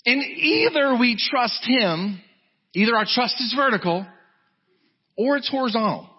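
A male pastor preaching with a husky, high-pitched voice. He swings between urgent, raised peaks and low, quiet stretches. The recording sounds dull and lo-fi. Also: sing-song, measured pace. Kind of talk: sermon.

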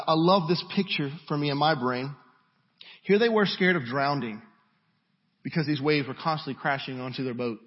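A man's voice: fairly high pitch, breathy edge, lo-fi sound. A man preaching a sermon, reading scripture and asking the congregation rhetorical questions.

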